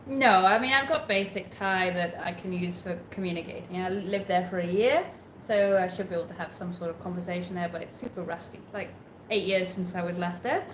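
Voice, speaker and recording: A woman's voice: fairly low pitch, brisk, few pauses. Chatty woman reading viewer questions. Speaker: co-host of a travel livestream. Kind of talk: casual live chat. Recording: echoey room with faint background noise.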